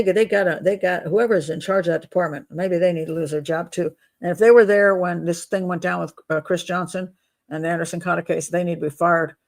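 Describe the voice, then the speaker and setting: A woman hosting a crime-profiling show, talking casually through a case with emphatic, incredulous rhetorical questions. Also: lowish voice. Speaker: host of a crime profiling channel. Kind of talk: casual live-show commentary on a criminal case.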